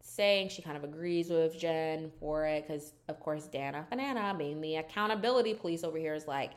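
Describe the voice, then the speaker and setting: A woman's voice: deep voice, fairly quick, hardly any pauses. A young woman casually recapping a reality show, chatty and profane, acting out the cast's quotes.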